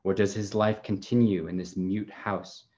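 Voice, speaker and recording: A man giving a poetry reading, delivering a long, measured, incantatory run of questions. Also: on the low side, level tone, mellow, muffled recording. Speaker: poet.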